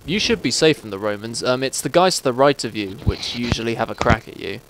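A man's voice: mid-range voice, animated, quick pace, noisy background. An English man chatting casually while playing a strategy game, rambling and thinking aloud with frequent laughs. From England. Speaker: game co-host. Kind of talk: casual gameplay chat.

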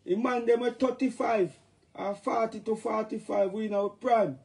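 Man, Jamaican accent, middle-aged, high voice, gravelly, joking patois livestream rant. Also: fairly even intonation, normal speed, a little mellow.

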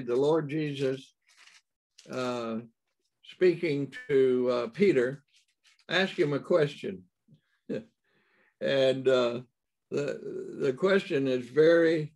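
A man preaching a sermon in a halting way, with many fillers and restarts and emphatic rises. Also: medium pitch, a little mellow.

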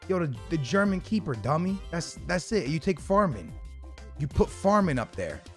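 A young man giving casual, slangy commentary on a video game, bursting into shouts at big moments. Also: a little high, sing-song, normal speed, faint music behind. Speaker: gaming YouTuber.

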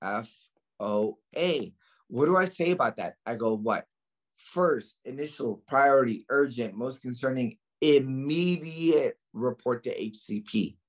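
A man teaches nursing students in a slow, deliberate lecture with heavy emphasis. His voice is slightly husky. He keeps asking his listeners questions and then answers them himself. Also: mid-range voice. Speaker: nursing exam tutor.

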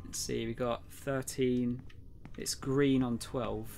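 A man's voice: mid-range voice, little pitch movement, takes it slowly, gravelly, soft background music. A young man streaming a game live, chatting with viewers and muttering to himself through puzzles. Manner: chatty, greets viewers, drops to a quiet mutter while solving puzzles. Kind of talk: casual live-stream chat while gaming.

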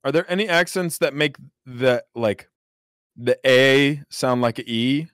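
A young man co-streaming a video game, chatting casually with a deadpan, joking manner. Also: medium pitch, a little slow, clean tone, no echo, clean studio sound. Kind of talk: casual chat.

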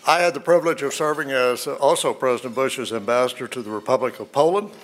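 A man, a former ambassador, giving formal introductions at a luncheon in a measured way with frequent fillers. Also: mid-range voice, a bit bright.

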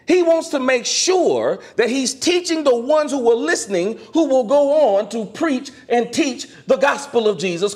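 A minister preaching with a very high voice that climbs and falls all over the place. He drops into low asides, then bursts out loud, and keeps asking the congregation for an amen. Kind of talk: sermon.

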